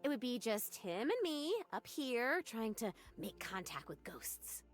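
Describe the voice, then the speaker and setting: A bubbly, trusting young ghost. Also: female voice, on the high side, very animated, a little slow, soft background music. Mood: chatty, earnest. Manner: gushing, wondering, breathless. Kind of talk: voiced video game dialogue.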